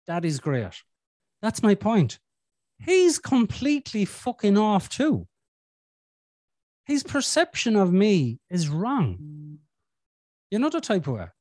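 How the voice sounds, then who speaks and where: A man's voice: sits high, a little mellow, no echo, studio quality. A man, telling stories about his kids in casual podcast chat, swearing freely and acting out quoted voices. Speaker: podcast guest, father. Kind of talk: casual conversational storytelling.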